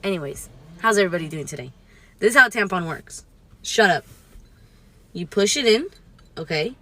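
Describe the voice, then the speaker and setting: Woman for a comedy tutorial skit, bright, bossy scolding teacher manner, dry close sound. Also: fairly low pitch, lively intonation, moderate pace, dry recording.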